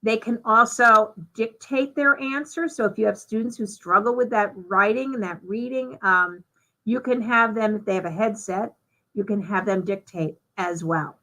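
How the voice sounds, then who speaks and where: Bright-voiced woman demoing software. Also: mid-range voice, normal speed, rough recording. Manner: chatty, step-by-step, with fillers. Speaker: presenter demonstrating software. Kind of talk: live software demo walkthrough.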